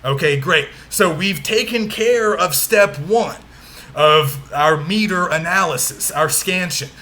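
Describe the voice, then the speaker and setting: Bright-voiced man giving a lecture. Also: on the high side, slow pace. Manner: patient, frequent check-ins, exaggerates stressed syllables when demonstrating. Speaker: literature lecturer. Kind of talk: recorded lecture walkthrough.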